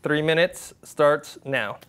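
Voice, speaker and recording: Slow, bright-voiced male moderator. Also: fairly high pitch, smooth. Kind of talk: judging a mock debate.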